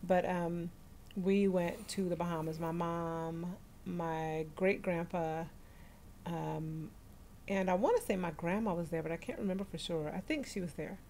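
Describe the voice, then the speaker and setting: A woman's voice: fairly low pitch, unhurried, mellow, slight background noise. A woman in her forties from New York hosts a casual livestream from her phone at home, chatting, laughing often and greeting viewers by name. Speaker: livestream host.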